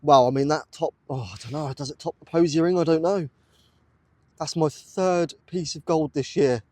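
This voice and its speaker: A man's voice: a little high, moderate pace, a little mellow, dry recording. A British man vlogging outdoors in a muddy field while metal detecting, breathless and awestruck, repeating exclamations as he talks to his viewers. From United Kingdom. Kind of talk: excited outdoor vlog commentary. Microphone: camera on a tripod.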